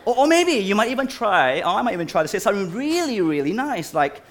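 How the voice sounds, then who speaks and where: A pastor preaches to his congregation in a high, animated voice, moving at a quick pace with few pauses. He peppers them with many questions throughout the sermon.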